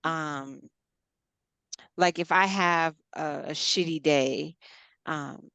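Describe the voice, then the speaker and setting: A woman in casual chat who tells animated stories, acting out quotes with big jumps in pitch. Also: extremely slow, gravelly, clear, resonant tone, no echo.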